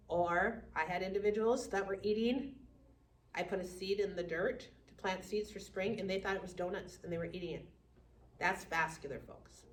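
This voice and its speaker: A woman teaching a class on dementia care, lively, acting out family members and residents. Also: medium pitch. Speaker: dementia educator. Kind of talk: classroom lecture. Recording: echoey room from far off.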